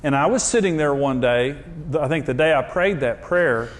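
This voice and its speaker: A man's voice: fairly high pitch, normal speed. Joking self-deprecating preacher man. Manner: self-deprecating, jokey, animated storyteller. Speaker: pastor. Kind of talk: humorous sermon storytelling.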